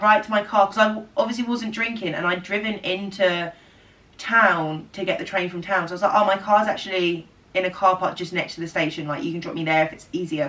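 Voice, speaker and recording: A woman, telling a long story to camera in a casual, animated way, swearing freely and acting out what people said. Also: medium pitch, recorded from a distance. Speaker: vlogger.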